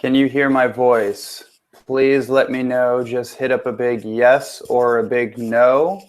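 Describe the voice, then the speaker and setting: A man's voice: mid-range voice, steady tone, slow pace, smooth. A man, a transformation coach, hosting a live online webinar with an upbeat manner, greeting viewers and checking that they can hear him.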